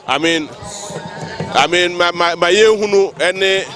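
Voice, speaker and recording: A man making halting public remarks at a festival, switching between English and Twi with many fillers. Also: sits high, crowd noise. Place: outdoor festival grounds.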